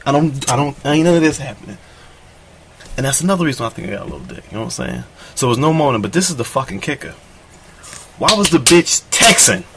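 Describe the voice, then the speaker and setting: A man's voice: medium pitch, animated, racing, gravelly, background noise. A man doing a crude comedic monologue, telling a rambling, profane story in a boastful tone.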